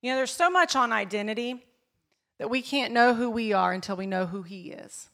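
A woman's voice: on the high side, brisk, vocal fry, fairly bright tone. Fervent woman pastor preaching. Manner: emphatic, repeats key phrases, drops to a near-whisper in personal moments. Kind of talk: sermon. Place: church service.

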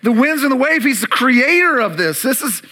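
A man preaching a sermon as pastor, animated, acting out voices to an audience in a church room. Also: extremely high pitch, normal speed. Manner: animated preaching, acts out disciples' panic and Jesus' calm.

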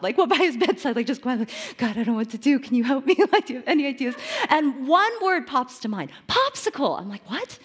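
A woman in her thirties gives a heartfelt faith talk. Her voice sits high and swings widely as she tells stories, laughing often and trailing into fillers. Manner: animated storytelling, laughs often, many fillers. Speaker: Christian speaker.

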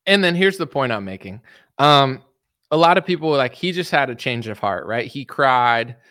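A man's voice: medium pitch, bright, forceful tone, no room sound, studio quality. A man giving casual political commentary in a blunt, mocking way, rambling with restarts.

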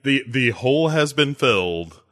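A man's voice: medium pitch, animated, a little slow, a bit bright. A man co-hosting a podcast, recapping a show in casual, joking chat. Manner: joking, laughs often, trails off. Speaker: podcast co-host.

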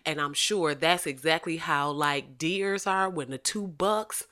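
A woman speaking in a profane, comedic rant, jumping from shouting to low asides. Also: unhurried.

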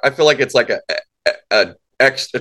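A man co-hosting a podcast in casual chat, laid-back, who often laughs and chimes in with quick agreement. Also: medium pitch, expressive, fairly bright tone. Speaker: podcast co-host.

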